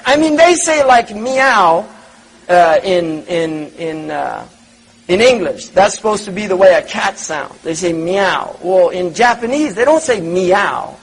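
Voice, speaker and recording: Husky man giving a religious lecture. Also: high voice, animated, unhurried, low-quality recording. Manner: reflective, repeats words and asks rhetorical questions. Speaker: Islamic lecturer.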